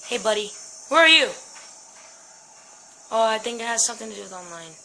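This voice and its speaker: A woman's voice: medium pitch, very fast, a little hiss or hum, poor audio. A young woman playing a horror game at home, frightened and jittery, swearing and talking to her viewers and her dog. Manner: swears and screams. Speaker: gaming channel host. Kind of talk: horror game let's play commentary.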